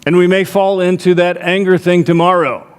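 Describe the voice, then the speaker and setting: A man's voice: high-pitched, flat delivery, normal speed, smooth. A middle-aged male pastor preaching a sermon, talking to the congregation conversationally with rhetorical asides. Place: church sanctuary. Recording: long reverb of a church hall.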